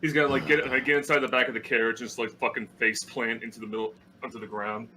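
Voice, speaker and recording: A man's voice: mid-range voice, little pitch movement, quick pace, pushed and bright, a little hiss or hum, low-quality recording. A man playing a tabletop game who describes his character's actions casually, with lots of fillers. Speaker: player.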